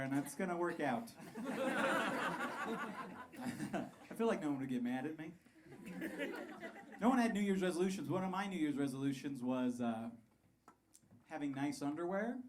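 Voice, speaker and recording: A man in his thirties doing a crude, animated stand-up set on a comedy club stage, laughing through his punchlines. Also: a little high. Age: 30s. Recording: live club recording, crowd and room noise.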